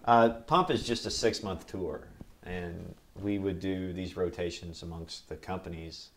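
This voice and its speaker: A young man, a Marine veteran, telling his service stories in an oral history interview in a relaxed, rambling way. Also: sits low, measured pace, slight background noise.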